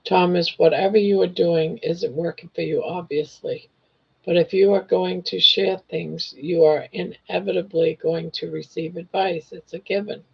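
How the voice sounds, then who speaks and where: An older woman hosting a casual livestream chat, reading viewer comments in a gentle, reassuring way while hoarse from losing her voice. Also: fairly low pitch, fairly even intonation, moderate pace. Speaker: livestream host. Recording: dull lo-fi livestream audio.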